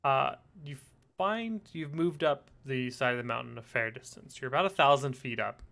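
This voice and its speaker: A man running a tabletop game as game master, narrating the scene in a relaxed way with frequent fillers. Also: mid-range voice, moderate pace, creaky.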